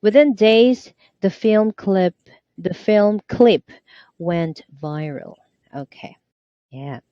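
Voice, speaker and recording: A woman's voice: medium pitch, animated, slow, dry recording, dull audio. A woman tutoring English online, prompting and correcting a student with encouragement.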